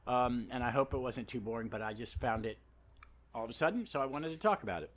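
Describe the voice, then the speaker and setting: A man's voice: mid-range voice, lively intonation, fast. A man hosting a podcast, giving a casual, rambling comic book review full of asides and fillers. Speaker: podcast host.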